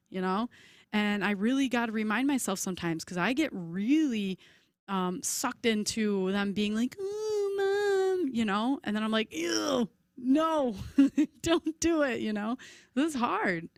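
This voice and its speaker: Chatty woman telling animated stories. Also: on the high side, moderate pace, dry recording, studio quality. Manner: chatty, animated storyteller, acts out voices. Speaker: podcast guest. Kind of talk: casual chat.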